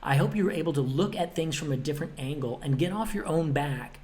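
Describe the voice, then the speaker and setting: A man's voice: a little high, lively intonation, a little fast, darkish tone. A man hosting his own motivational podcast, talking emphatically and bluntly, with a little cheek, and acting out both sides of imagined exchanges. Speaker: podcast host.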